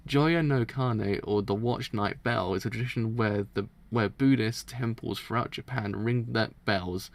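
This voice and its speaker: Gravelly man reading manga notes aloud. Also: lowish voice, unhurried, hardly any pauses. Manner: stumbles over words and corrects himself; chatty and self-deprecating. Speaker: manga reaction channel host. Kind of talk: casual reading and commentary.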